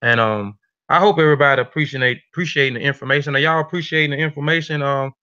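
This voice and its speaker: A man's voice: fairly high pitch, quick pace, bright, forceful tone. A man hosting a live show in a loose, chatty way, addressing his audience as family. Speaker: host. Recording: dull lo-fi sound.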